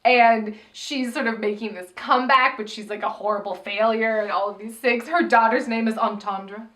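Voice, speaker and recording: A young woman co-hosting a casual podcast, talking in a gossipy, animated way and often slipping into quick impressions of other people. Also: fairly high pitch. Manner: gossipy, animated, quotes others in put-on voices. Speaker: podcast co-host. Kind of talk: casual chat.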